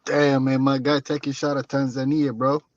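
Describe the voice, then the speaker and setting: A man's voice: mid-range voice, completely flat delivery, moderate pace, no echo. A man on a casual group call, teasing the others playfully. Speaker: guest. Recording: dull lo-fi call audio.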